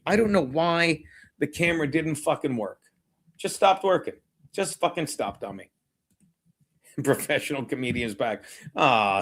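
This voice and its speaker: A man live-streaming a game watchalong, swearing constantly, rambling and mocking viewers while fiddling with his browser. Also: mid-range voice. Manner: brash and mocking. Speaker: streamer hosting a betting watchalong. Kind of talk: live-stream commentary and chat.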